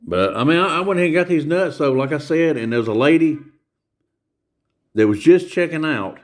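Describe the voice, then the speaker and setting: A man's voice: on the high side, animated, brisk. Male vlogger, casual rant, rambling and repetitive delivery with frequent hesitations. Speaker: vlogger reviewing stores. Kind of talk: casual rant retelling a store visit.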